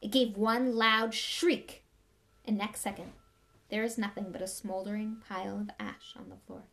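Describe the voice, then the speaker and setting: Woman reading a storybook out loud, mid pitch, measured and expressive. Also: slight background noise. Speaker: reader. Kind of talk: reading a novel aloud.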